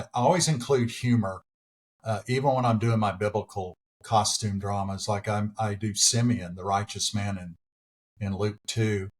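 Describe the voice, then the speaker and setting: A middle-aged man, an actor and preacher, telling anecdotes with self-deprecating humor as a podcast guest. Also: lowish voice. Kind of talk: casual interview.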